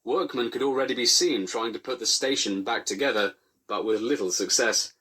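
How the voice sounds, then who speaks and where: A man giving dry, deadpan comic storybook narration. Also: medium pitch, a little fast, slightly rough.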